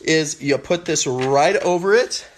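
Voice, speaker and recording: A man excitedly explaining a trick step by step to his mom. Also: on the high side, measured pace, a little hiss or hum. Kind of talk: excited prank video.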